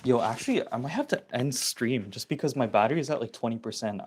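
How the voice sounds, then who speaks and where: A man's voice: mid-range voice, lively intonation, quick pace, a little hiss or hum. A young man from the area, chatting casually with viewers on a phone livestream, slangy and reading chat comments aloud. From Toronto area, Canada.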